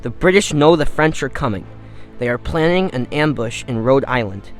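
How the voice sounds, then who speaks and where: A man's voice: mid-range voice, animated, moderate pace, faint music behind, lightly acted. A man voicing an urgent patriot messenger relaying a warning in an amateur audio drama. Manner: urgent, clipped.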